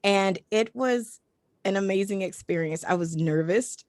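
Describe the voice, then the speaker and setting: A woman's voice: medium pitch, a little slow, darkish tone, dry recording. Woman, audiobook narrator, effusive, grateful, emotional, dry sound, video call. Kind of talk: casual panel chat.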